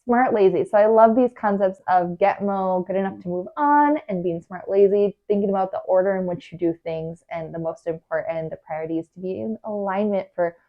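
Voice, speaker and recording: A woman's voice: medium pitch, brisk, hardly any pauses, highs cut off. Chatty woman coaching on work stress. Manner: chatty, uses many fillers and quoted inner voices. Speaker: podcast host, organizing coach. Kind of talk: casual advice talk.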